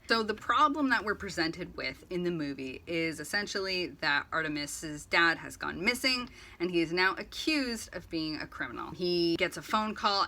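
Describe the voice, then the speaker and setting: Woman, bright forceful tone, lowish pitch, casual rambling commentary, acts out quotes. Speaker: video essay host. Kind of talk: casual book-versus-movie commentary.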